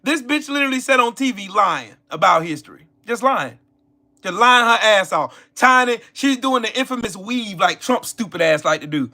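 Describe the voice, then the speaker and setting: A man hosting a live stream, loudly taunting his viewers, mocking them in put-on voices and repeating himself. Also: very high-pitched. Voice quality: loud, confrontational, mocking. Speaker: livestream host. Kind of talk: live-stream political rant.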